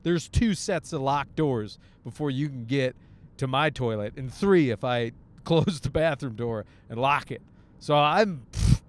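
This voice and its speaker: A young man hosting a casual podcast alone, telling a crude story with many jokes and laughs while driving. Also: mid-range voice. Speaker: podcast host. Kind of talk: casual solo rant. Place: in a car, driving.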